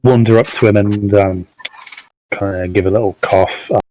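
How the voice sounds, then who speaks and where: A man narrating a tabletop game as game master, halting and full of fillers. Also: fairly low pitch, steady tone, mellow, faint music behind, poor audio. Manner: halting, many fillers and hedges.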